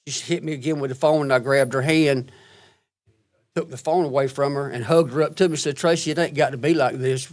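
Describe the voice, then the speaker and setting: A man giving courtroom testimony in a halting, plain-spoken way, recounting events step by step. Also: medium pitch, darkish tone.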